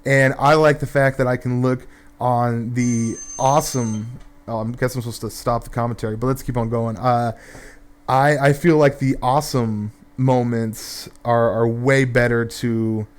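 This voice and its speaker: A man's voice: medium pitch, steady tone, moderate pace. A young man telling a rambling, profane story in casual gameplay commentary, full of fillers and restarts.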